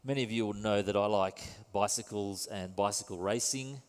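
A man's voice: fairly low pitch, moderate pace. A man preaching a sermon in a conversational, wry and self-deprecating way. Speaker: pastor. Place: church. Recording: long reverb in a church hall.

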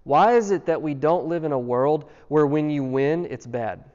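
Delivering an earnest, emphatic sermon, a male pastor poses rhetorical question after rhetorical question to his listeners. He speaks at normal speed in a fairly high, darkish voice, recorded with dull sound and long hall reverb.

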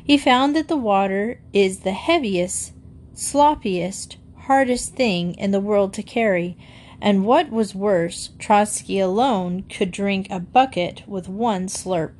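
A woman's voice: mid-range voice, slow, a little mellow, slight background noise. Woman reading a children's book aloud. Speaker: storyteller.

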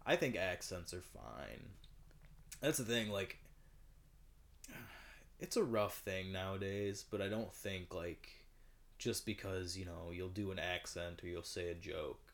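A young man co-hosting a podcast in casual chat, joking around and quick to slip into silly voices. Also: sits low, lively intonation. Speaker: podcast co-host.

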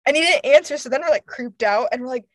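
High-pitched and fast, this twentysomething woman recounts a tale in a casual chat with no echo in the recording. She acts out her friends' voices with lots of energy and frequent laughs.

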